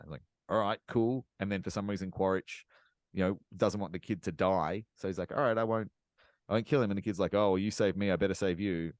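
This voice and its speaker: A man's voice: low voice, fast, no room sound, studio quality. A man co-hosting a podcast, ranting sarcastically about a film with plenty of swearing. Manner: animated, sarcastic ranting with profanity. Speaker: podcast co-host. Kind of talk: casual podcast chat.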